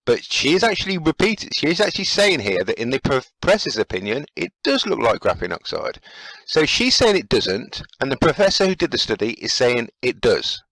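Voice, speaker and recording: A man's voice: medium pitch, sing-song, moderate pace, fairly bright tone, no echo. A man giving casual, sarcastic commentary, chuckling as he picks apart the wording of a played interview. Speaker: commentator fact-checking an interview.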